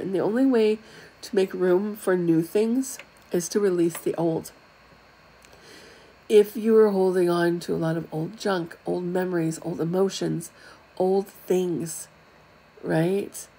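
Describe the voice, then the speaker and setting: A middle-aged woman leads a live spiritual talk, chatting frankly with her viewers. Her voice sits a little low and carries a husky edge. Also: moderate pace, rough recording. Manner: chatty, frank, animated teaching with asides to viewers. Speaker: spiritual teacher.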